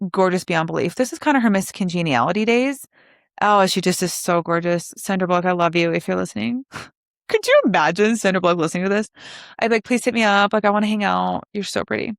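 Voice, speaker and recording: A woman's voice: mid-range voice, no echo, studio quality. A young woman in her twenties hosting a podcast alone, chatting casually and animatedly with lots of likes and asides. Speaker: podcast host. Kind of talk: casual solo podcast chat.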